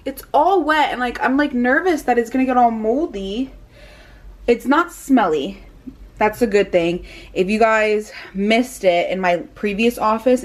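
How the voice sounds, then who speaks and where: A young woman chatting casually to camera about her small business, animated and full of fillers. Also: a little high. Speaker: vlogger and small business owner.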